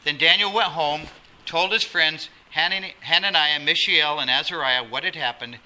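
A man preaching a sermon as pastor, animated, acting out quotes and dropping to a soft voice for emphasis. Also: a little high, moderate pace. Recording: noisy sermon recording.

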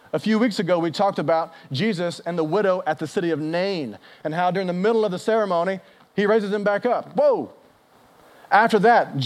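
A man preaching a sermon, animated and conversational, acting out quoted speech with big swings in pitch and volume. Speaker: pastor.

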